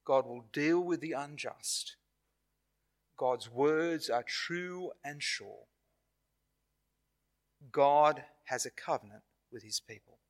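Speaking in a slightly high voice with an Australian accent, a man delivers a church sermon. His tone is earnest and measured, broken by pauses and self-corrections.

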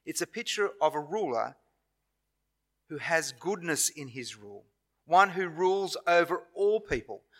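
A man with an Australian accent preaching a sermon in a church, earnest and measured, with pauses and self-corrections. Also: a little high, fairly bright tone.

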